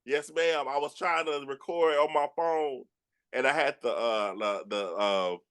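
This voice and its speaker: A man from Georgia with a Southern accent, hosting a casual chat and telling animated stories with many restarts. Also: mid-range voice, measured pace, clear, resonant tone. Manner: animated storyteller with frequent restarts, acts out quotes. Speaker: podcast host.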